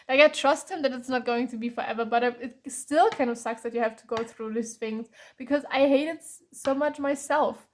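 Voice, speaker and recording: A woman's voice: high-pitched, fairly even intonation, moderate pace. A woman from Germany giving a tarot reading, tired and openly frustrated, with sighs and frequent restarts. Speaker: tarot reader.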